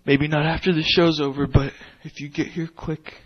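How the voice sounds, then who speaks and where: A man's voice: on the high side, flat delivery, moderate pace. A young man hosting a livestream, chatting casually and telling rambling, profane stories, with dull lo-fi audio. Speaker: livestream host.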